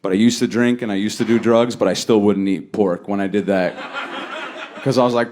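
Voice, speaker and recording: A male comedian working a stand-up set, his voice sitting at an everyday middle pitch. He talks in a laid-back, conversational way and jumps up high and loud when he acts out other people. A faint noise runs under the stage recording. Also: a little fast. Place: comedy stage before a laughing audience.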